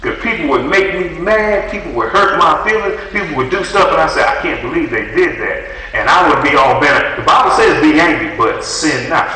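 Animated preacher man in an echoey hall. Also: fairly high pitch, fairly quick, few pauses, slight background noise. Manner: animated, conversational preaching, acts out voices in dialogue. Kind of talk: sermon. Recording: echoey hall, mic at a distance.

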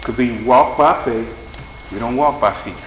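In an echoey hall with a faint hum, a man preaches informally in a folksy, plain-spoken manner, playing out small dialogues and then leading a prayer. His voice sits in the mid range and moves at a moderate pace.

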